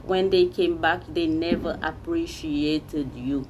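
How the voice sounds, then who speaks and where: Low-voiced woman giving a tarot reading. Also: takes it slowly, noisy background. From Seychelles. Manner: emphatic, repeats phrases, speaks directly to the viewer. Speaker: tarot reader.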